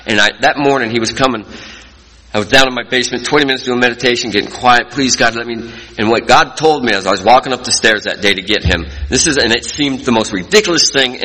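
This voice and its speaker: With a medium-pitched, sharp-toned voice, a man tells his recovery story at a meeting in an earnest, folksy way, giving personal testimony. There's long hall reverb on the recording.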